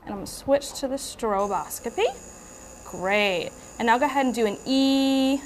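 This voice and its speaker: A woman clinician giving a patient gentle, reassuring step-by-step instructions during an exam. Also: a little high, moderate pace, slight background noise. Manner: gentle, reassuring, brief prompts. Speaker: clinician performing endoscopy.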